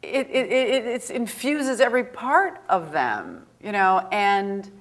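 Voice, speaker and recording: A woman from the northern United States, a guest actress answering audience questions in a chatty, anecdotal way, animated and often laughing. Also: medium pitch, measured pace. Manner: animated, laughing, acts out quoted voices.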